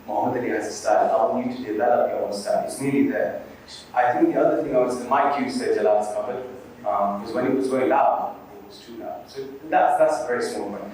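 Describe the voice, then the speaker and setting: A man's voice: medium pitch, quick pace, darkish tone, slight background noise. A man hosting and judging a recitation contest, giving encouraging feedback full of religious phrases. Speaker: competition host and judge. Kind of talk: live event judging feedback. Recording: echoey hall from far off.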